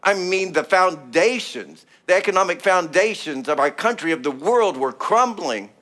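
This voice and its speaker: A middle-aged male pastor preaching with emphatic, rhythmic repetition. His speaking voice sits a little higher than most men's, and he presses each phrase home. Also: animated, moderate pace, a bit bright. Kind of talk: sermon.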